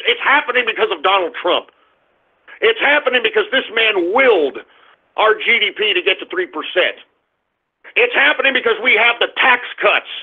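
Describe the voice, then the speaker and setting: A man hosting a talk radio show, brash and profane, swinging from loud shouts to low mutters. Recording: phone-like narrow band.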